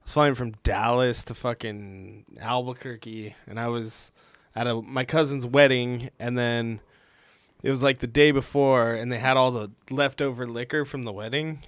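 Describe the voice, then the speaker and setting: A young man co-hosting a podcast, telling a story in a relaxed, profane way. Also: medium pitch, moderate pace, no room sound. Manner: profane, laid-back, calls people dude. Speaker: podcast co-host. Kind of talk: casual comic storytelling.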